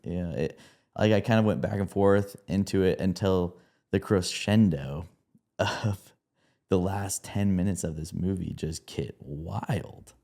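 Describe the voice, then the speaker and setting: A man with a very low, mellow voice co-hosts a movie review podcast. He talks in a loose, rambling way, full of "like" and "you know", and laughs easily. The feel is an easygoing chat between friends. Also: unhurried, vocal fry. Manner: laughs often, rambling with many fillers.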